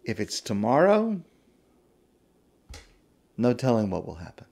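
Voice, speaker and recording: A man's voice: mid-range voice, huge pitch swings, a little slow, creaky, a little mellow. A man, a rabbi, giving a weekly Torah talk, stressing key words by repeating them.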